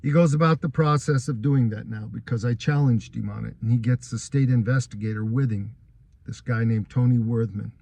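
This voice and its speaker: A man's voice: medium pitch, fairly quick, creaky, warm tone. An earnest, aggrieved man recounting events. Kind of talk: first-person account of a court case.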